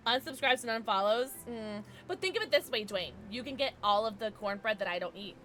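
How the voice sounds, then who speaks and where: A woman's voice: on the high side, a little fast, a bit bright, faint music behind. A woman streamer chatting casually with her live viewers, giggling often as she reacts to the chat.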